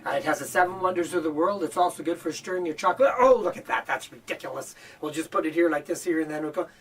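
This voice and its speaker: A man teaching a children's magic routine as a demonstration. He is animated and playful, with frequent mock-surprised "oh, oh" and "uh-oh" exclamations, and talks as if to children. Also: fairly high pitch, fast talker, far from the mic, a little hiss or hum.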